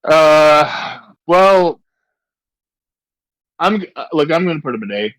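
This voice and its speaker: A man's voice: on the high side, lively intonation, takes it slowly, fairly bright tone, no room sound, poor audio. A man in casual chat with friends, rambling through arguments with restarts and swearing. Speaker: co-host.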